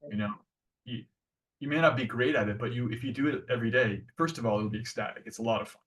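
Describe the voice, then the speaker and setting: A man leads a devotional class in a loose, earnest, conversational way, restarting phrases and dropping in casual fillers. His voice sits at an ordinary middle pitch. The recording picks him up from a little way off the microphone. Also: quick pace, fairly bright tone, far from the mic.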